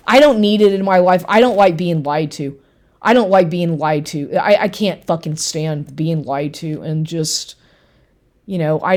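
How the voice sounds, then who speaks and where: A woman from Texas telling a story about a lying ex in a casual rant, acting out both sides of the conversation and swearing often. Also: fairly low pitch. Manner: animated, quotes people, swears, repeats herself.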